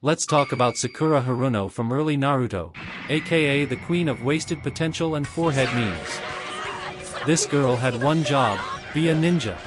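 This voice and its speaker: A man's voice: mid-range voice, normal speed. A man narrating scripted comedic commentary in a sarcastic, mocking roast style. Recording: loud music bed behind voice.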